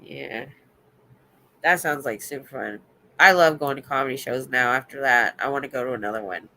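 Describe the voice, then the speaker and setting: A woman with a stuffy nose, hosting a casual late-night livestream, chatting loudly, laughing often and reading out comments. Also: rumbling low, normal speed, slight background noise. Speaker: livestream host. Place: home.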